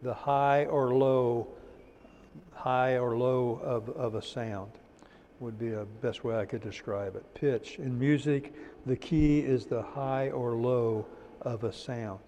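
A man teaching a church teacher-training class, repeating key terms slowly for notes and adding folksy "amen" asides. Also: medium pitch, steady tone, warm tone, in a large hall, muffled recording, slight background noise. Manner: folksy, drops in "amen" and "praise the Lord".

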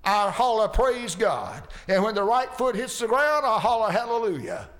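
A man's voice: sits high, very animated, moderate pace, a bit bright, voice pushed up. A man voicing a poor, joyful male miner who hollers his praise. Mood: exultant. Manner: hollering, exultant.

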